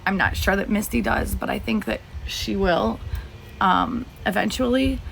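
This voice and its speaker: A woman's voice: medium pitch, a little slow, creaky, fairly bright tone, a little hiss or hum. A woman in her thirties streaming live to viewers, talking through personal matters in a rambling, heartfelt way with many fillers and restarts, a little teary. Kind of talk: emotional personal talk to viewers.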